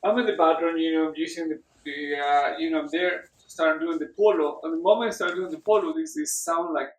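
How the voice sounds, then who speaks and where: Animated man, high voice, roomy distant sound. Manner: animated, halting storytelling with many restarts. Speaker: co-host recounting a climb. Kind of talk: casual chat.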